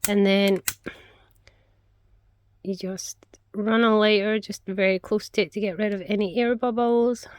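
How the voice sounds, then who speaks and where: A woman's voice: medium pitch, steady tone, unhurried, pauses often, a little mellow. A middle-aged woman talking casually as she works in her craft studio, rambling from one thing to the next. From Scotland. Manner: rambling, chatty, talks to her pets. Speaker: craft vlogger. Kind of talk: casual chatty vlog.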